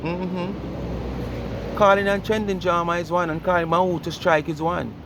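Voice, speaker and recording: A Jamaican man with a somewhat high voice explains his point at length in casual commentary, lecturing and throwing in rhetorical questions. Faint street traffic hums behind him. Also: level tone, a little slow.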